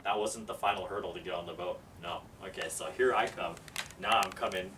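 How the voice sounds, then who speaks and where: A man telling a story casually, animated and acting out the people in it. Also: deep voice, a little fast. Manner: animated, acts out every character. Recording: distant mic, faint background noise.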